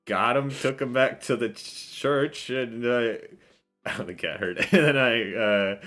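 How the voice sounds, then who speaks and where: A man voicing a drunk, bleeding thug who stumbles through his story in halting, rambling bursts. His voice sits higher than usual and loose, with faint music behind him. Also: a bit bright. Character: drunk wounded male middleman thug.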